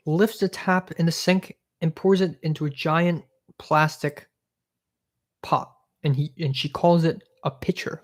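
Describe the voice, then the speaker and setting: A man's voice: fairly high pitch, measured pace, a little mellow. Young male streamer, exasperated and sweary, sarcastic casual rant. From Hong Kong. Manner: profane, exasperated, sarcastic ranting. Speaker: live streamer.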